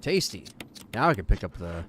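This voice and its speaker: A man's voice: deep voice, moderate pace. A man chatting casually with his viewers while playing a game, reading their comments aloud. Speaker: game streamer. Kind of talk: casual live stream chat while gaming. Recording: noisy stream with mouse clicks.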